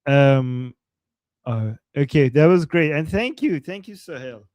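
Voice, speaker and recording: A man from Iran co-hosting a live reaction stream, excitable and laughing often, with bursts of exclamations. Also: on the high side, measured pace, no echo. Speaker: livestream co-host.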